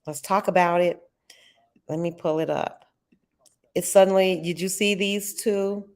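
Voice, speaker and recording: A woman's voice: on the low side, unhurried. A middle-aged woman hosting a live trading stream, chatting casually and expressively with her viewers. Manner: chatty and expressive, talks to chat as y'all.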